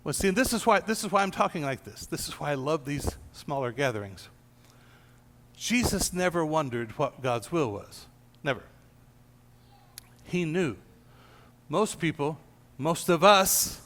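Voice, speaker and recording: A man's voice: on the high side, fairly bright tone. A man leading an informal church gathering as pastor, telling a Bible story and acting out the quoted lines. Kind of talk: informal teaching to a small gathering. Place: church room. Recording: long hall reverb.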